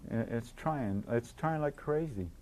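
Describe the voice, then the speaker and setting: A man's voice: medium pitch, lively intonation, unhurried, darkish tone. Earnest man giving a recovery talk. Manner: earnest, repeats words, acts out inner voices. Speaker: recovery conference speaker.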